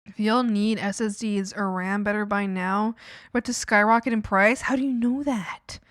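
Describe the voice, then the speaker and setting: A woman's voice: mid-range voice, steady tone, normal speed, a bit bright, dry recording, studio quality. A woman streamer in casual livestream chat, talking in a playful, rambling, goofy way.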